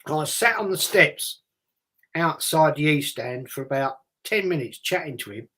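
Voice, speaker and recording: Older man, London accent, slightly high voice, rambling casual storyteller. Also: expressive, normal speed, sharp tone, slightly rough. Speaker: host. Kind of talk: casual chat.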